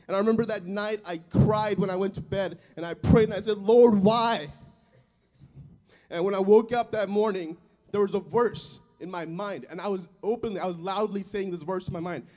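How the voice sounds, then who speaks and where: Earnest high-voiced young preacher. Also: male voice, steady tone, fast talker. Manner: earnest and emotional, loudness rising and falling. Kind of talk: sermon with personal testimony.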